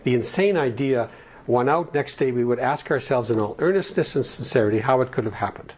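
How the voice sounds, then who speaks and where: A man's voice: mid-range voice, brisk, darkish tone, slightly rough. An older man leading a group study, reading passages aloud and explaining them in plain words with asides. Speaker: recovery study group leader. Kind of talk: reading and commenting on a text.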